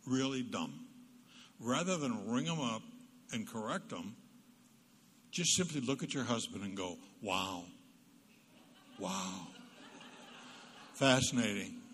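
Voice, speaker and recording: A man's voice: mid-range voice, a bit bright, slight background noise. A psychologist giving a humorous parenting talk at church, a storyteller who acts out the quotes he tells. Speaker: guest speaker, psychologist. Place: church hall. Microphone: PA microphone. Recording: reverberant church hall.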